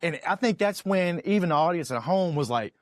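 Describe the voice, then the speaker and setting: A man co-hosting a podcast in casual chat, expressive and often repeating words. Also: fairly high pitch, brisk, no room sound, clean studio sound. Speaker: podcast co-host.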